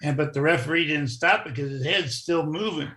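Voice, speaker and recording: A man's voice: on the high side, fairly quick, bright, forceful tone. An older man, a former wrestler, telling stories in a rambling, casual interview. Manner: rambling, restarts, chuckles.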